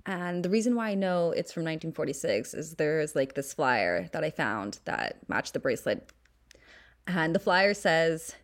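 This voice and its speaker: A woman's voice: deep voice, very animated, normal speed. Young valley girl woman hosting her podcast, swears a lot, jokey, voice swoops up and down a ton. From San Fernando Valley, California. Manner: candid, profane, jokey. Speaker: podcast host. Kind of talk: casual chat.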